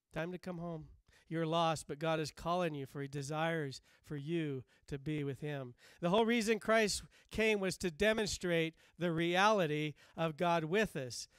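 A man preaching a sermon as pastor, with slow emphatic repetition and passages that drop soft and low. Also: smooth, no room sound.

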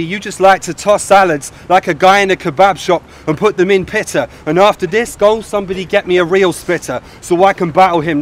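A man from Ipswich, England, with a cold, rapping aggressive, boastful insults in an outdoor street battle. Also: high voice. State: has a cold. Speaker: battle rapper. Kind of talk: rap battle verses.

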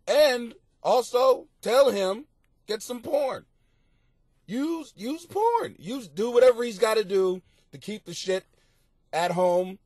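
A man hosting an advice podcast, reading listener letters and answering them bluntly, with heavy swearing and sudden loud outbursts. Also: a little high, no echo, clean studio sound. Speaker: podcast host giving advice. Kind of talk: casual advice podcast monologue.

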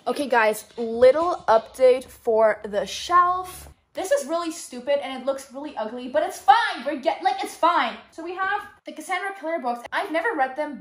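A woman's voice: high-pitched, roomy sound. A young woman chatting casually as a book vlogger, bubbly and chatty with dramatic exclamations, recorded in her bedroom. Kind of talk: casual vlog chat.

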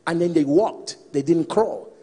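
High-voiced preacher in an echoing hall. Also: male voice, unhurried, breathy edge. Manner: animated, calls out to the congregation. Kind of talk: sermon.

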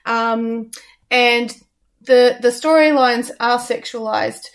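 A woman co-hosting a radio show, reviewing a stage musical in a casual, halting way with many ums. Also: a little high. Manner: hesitant, many ums and restarts.

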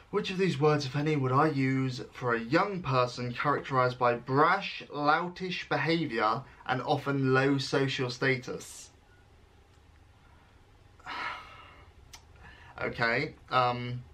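A man's voice: medium pitch, pushed and bright. A young British man in his twenties, talking through an online quiz in a playful, self-mocking vlog. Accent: British English. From England. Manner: playful and self-mocking, with jokey dramatic pauses. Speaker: vlogger. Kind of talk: casual vlog, reading quiz questions aloud.

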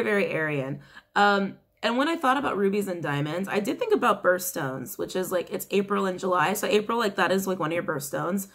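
A woman's voice: medium pitch, a bit bright. A young woman, slightly congested after waking up, giving a chatty, rambling tarot reading to camera. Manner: chatty and rambling, with frequent fillers. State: congested, just woken up. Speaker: tarot reader.

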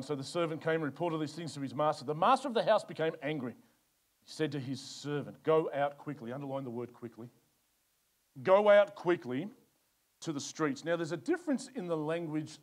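A middle-aged Australian man preaches from the pulpit in a fairly high voice. His delivery is dynamic, with loud, urgent bursts that drop into soft, low asides. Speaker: pastor. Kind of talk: sermon.

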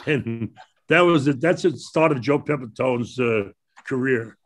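A man's voice: medium pitch, takes it slowly. An older man with a Brooklyn accent, a talk show guest telling long, rambling stories and laughing often. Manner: rambling anecdotes with frequent laughter. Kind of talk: casual storytelling.

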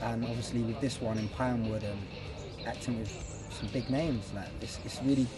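A man's voice: medium pitch, normal speed, music in the background. A young man, an actor chatting casually behind the scenes and telling stories in a joking, slangy way. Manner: joking, slangy, animated storytelling. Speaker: actor interviewed on set.

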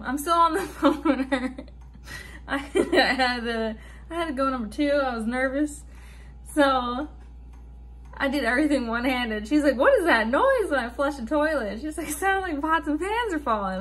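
Young woman, high bright voice, casual vlog storytelling, swears, laughs nervously. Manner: chatty, swearing, nervous laughter between lines. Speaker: vlogger.

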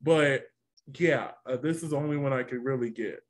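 A man's voice: mid-range voice, moderate pace. A man co-hosting a casual show review, chatty and dramatic, often acting out quotes. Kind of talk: casual chat.

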